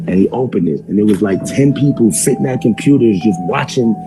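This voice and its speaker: A man's voice: lowish voice, lively intonation, a little fast, music in the background, rough recording. A man casually telling a rambling story on a podcast, repeating himself and acting out what others said.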